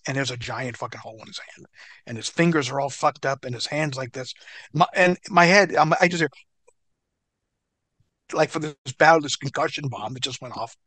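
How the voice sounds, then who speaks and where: A man who is a guest in an interview, telling a story in an animated, profane way. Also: mid-range voice, no echo.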